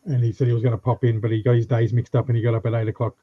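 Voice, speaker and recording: A man joining a livestream, telling a quick, chatty story about a friend. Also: medium pitch, little pitch movement, no room sound. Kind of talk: casual chat. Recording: dull lo-fi sound with crickets.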